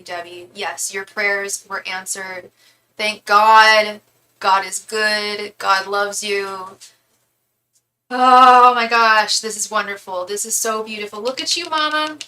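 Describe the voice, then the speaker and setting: A woman's voice: mid-range voice, little pitch movement, a little slow, pushed and bright, a little hiss or hum, poor audio. A woman giving a live tarot reading, emotional and close to tears, often repeating and restarting her words. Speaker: tarot reader.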